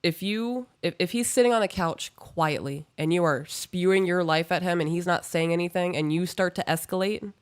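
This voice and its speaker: A woman co-hosting a podcast, giving calm, firm and direct relationship advice. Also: on the low side, moderate pace, few pauses, clean tone. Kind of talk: casual advice chat.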